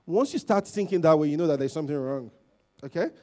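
Talking quickly and informally, this lay preacher treats his sermon like a chat with the congregation. His voice is on the high side yet warm and mellow; he peppers lines with "you know" and "okay?", rising loudly at key points before dropping away quietly.

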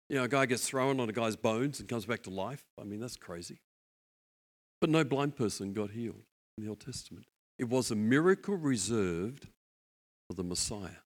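Aussie pastor guy preaching, animated, does little voices for the story. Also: mid-range voice. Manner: lively storytelling, acting out voices. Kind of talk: sermon.

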